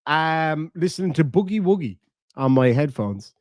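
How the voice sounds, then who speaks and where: A man's voice: a little high, expressive, normal speed, no echo, clean studio sound. Profane Irish man on a live stream. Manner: profane, mocking, jokey banter. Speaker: live-stream host reacting to clips. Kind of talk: casual live-stream commentary.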